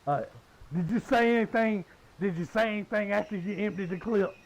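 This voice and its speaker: The speaker is a Southern US gamer in his fifties who delivers a profane, blunt, casual rant. He talks fairly quickly in a high voice, and the recording quality is low.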